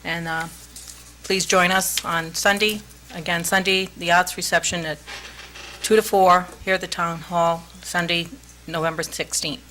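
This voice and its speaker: Female councillor, bright tone, plain repetitive announcement. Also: lowish voice, little pitch movement, a little slow, a little hiss or hum, poor audio. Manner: plain, repeats key details. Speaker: council member. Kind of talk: meeting announcement. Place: town hall council chamber.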